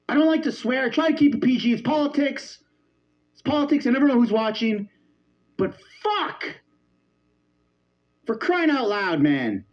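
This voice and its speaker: A man streaming from his basement on a headset mic, reacting with loud swearing, shouting and exasperation. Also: very high-pitched, muffled recording. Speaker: streamer reacting to a parliament clip. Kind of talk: loud profane reaction commentary. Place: home basement. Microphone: headset with headphones.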